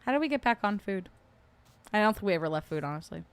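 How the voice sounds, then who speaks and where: A woman's voice: mid-range voice, lively intonation, fast talker, clear, resonant tone, dry recording. A young adult woman hosting a casual livestream, chatty and playful, laughing often as she rants about food. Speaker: podcast host.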